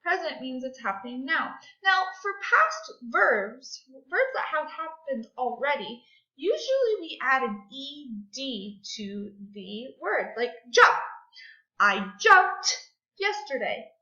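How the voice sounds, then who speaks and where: Woman teacher doing a phonics lesson, really high and lively voice, slow and patient, echoey room. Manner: slow, sing-song teacher voice, clapping out syllables. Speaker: second grade teacher. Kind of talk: classroom grammar and phonics lesson. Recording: echoey room, dull lo-fi sound.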